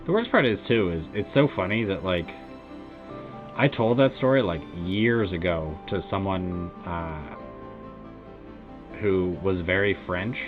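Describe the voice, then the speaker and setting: A man's voice: low-pitched, unhurried. An American man streaming, telling a rambling casual story full of "like" and "uh" fillers. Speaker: game streamer. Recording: tinny phone-like sound with faint music behind.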